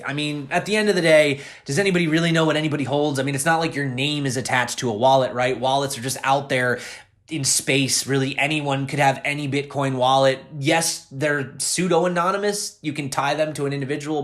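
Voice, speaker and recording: A man's voice: medium pitch, fairly quick, fairly bright tone. A young man hosting a crypto news channel, chatting casually and talking straight to his viewers. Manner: chatty, addresses viewers directly.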